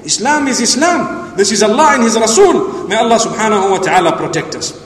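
A man preaching a sermon with passion, asking rhetorical questions and rising to shouts, with Arabic religious phrases mixed in. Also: high-pitched, animated, a little fast. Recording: echoey hall, voice from far off.

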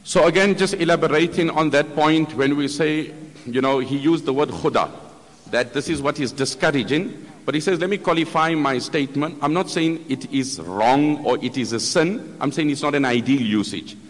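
A man's voice: on the high side, normal speed. A man giving an earnest religious talk, explaining and quoting scripture as he summarizes a lecture. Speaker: Islamic speaker summarizing a lecture. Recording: long hall reverb.

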